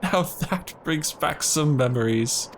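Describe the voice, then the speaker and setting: A man commentating a video game playthrough, reacting loudly and laughing often. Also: a little high, slow, a little hiss or hum. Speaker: gaming channel host. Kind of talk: let's play commentary. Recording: voice over game audio with faint music.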